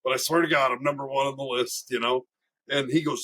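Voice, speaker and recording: A young man, a racing driver guest, telling stories in a casual, animated way, laughing often and swearing freely. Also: medium pitch, brisk, husky. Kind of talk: casual storytelling.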